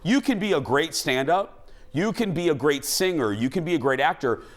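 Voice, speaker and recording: A man's voice: on the high side, moderate pace. A man hosting a talk show, chatting loosely about entertainment news with frequent restarts. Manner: animated and rambling, with frequent restarts. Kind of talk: casual entertainment news chat.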